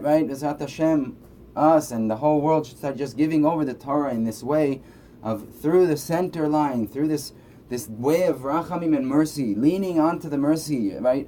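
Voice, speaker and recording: A man's warm, mid-range voice carries a casual Torah lesson, full of conversational "right?" check-ins. Faint noise lingers in the background.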